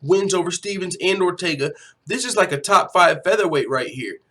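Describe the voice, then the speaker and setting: A man's voice: high-pitched, expressive, moderate pace, a bit bright. A young man hosting a casual livestream from home, talking loosely, swearing freely and reading viewers' chat aloud. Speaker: livestream host.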